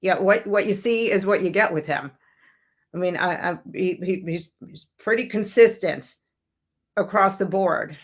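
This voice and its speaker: Woman host, from Brooklyn, fairly low voice, blunt, sarcastic, chatty political commentary. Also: a bit bright. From Brooklyn, New York, USA. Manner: blunt, sarcastic, conversational with fillers.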